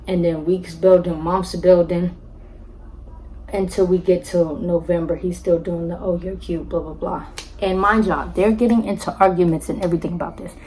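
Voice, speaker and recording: A woman's voice: moderate pace, slight background noise, rough recording. Young woman telling a story to viewers. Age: young adult. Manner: animated, acts out quotes with jumps in pitch; addresses viewers directly as y'all. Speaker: storytime vlogger. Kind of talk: casual storytelling to camera.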